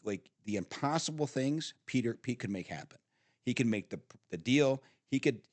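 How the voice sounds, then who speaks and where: Middle-aged man, podcast guest, salty animated storyteller, dry close studio sound. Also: lowish voice, no room sound. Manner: animated storyteller, swearing, frequent laughs and restarts. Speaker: podcast guest, father of the host. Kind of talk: casual storytelling chat.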